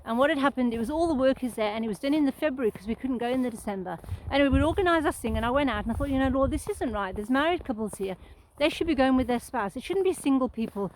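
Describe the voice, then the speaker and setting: A woman's voice: high-pitched, expressive, rapid-fire, a little hiss or hum, low-quality recording. A woman telling a devotional testimony in a casual, chatty, storytelling way while walking outdoors in a snowy field, speaking into a phone. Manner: warm, chatty storytelling with fillers. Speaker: Christian vlogger.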